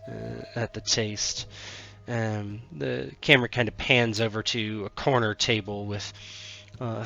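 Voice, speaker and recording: Slow, halting male game master. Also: lowish voice, vocal fry, sharp tone, muffled recording. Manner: halting, full of fillers. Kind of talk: narrating a tabletop game.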